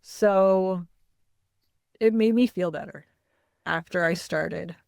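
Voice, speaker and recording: A mother telling her family's story in an interview, candid and halting, with frequent fillers. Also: lowish voice, vocal fry, a little mellow, dry recording, clean studio sound. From Canada. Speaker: guest, mother.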